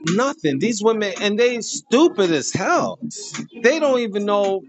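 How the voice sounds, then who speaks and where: Animated man in a crude comic rant. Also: lo-fi sound, music in the background. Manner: animated, swings from high outbursts to slow low drawl; crude, mocking, laughs at own jokes. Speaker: host. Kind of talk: comedic rant to camera.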